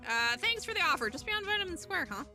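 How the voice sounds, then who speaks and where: A young male defense lawyer with a dry, sarcastic edge, voiced by a woman. The pitch is high and animated, with game music underneath. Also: quick pace, full character voice. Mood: wry. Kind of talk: reading game dialogue aloud.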